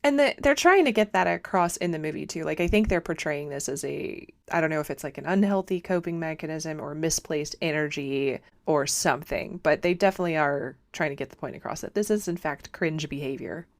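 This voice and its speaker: A woman co-hosting a podcast, chatting casually about a film with wry, deadpan jokes. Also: deep voice, a little fast, few pauses, no echo, clean studio sound. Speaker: podcast co-host. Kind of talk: casual chat reviewing a film.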